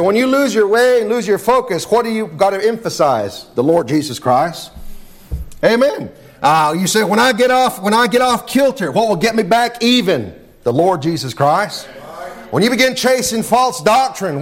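A man preaching a sermon, praying aloud and repeating "amen" and "Lord God" in a fervent cadence. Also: high voice. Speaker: pastor. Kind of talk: sermon with spoken prayer.

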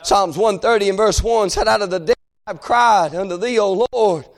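A man preaching a fiery revival sermon, chanting and crying out in rising, shouted bursts. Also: sits high, moderate pace.

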